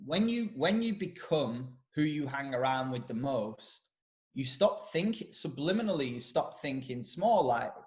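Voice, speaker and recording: A man's voice: mid-range voice, sing-song, a little slow. A man co-hosting a casual podcast, talking in a rambling, blunt way with many restarts. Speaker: podcast co-host, personal development coach. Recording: roomy echo.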